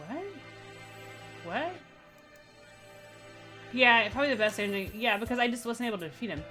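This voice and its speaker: A woman streamer chats and jokes over a game she is playing, her voice a little higher than most. Faint music plays underneath as she riffs. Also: lively intonation, normal speed, long pauses, bright, forceful tone. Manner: joking, chatty asides. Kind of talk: let's play commentary.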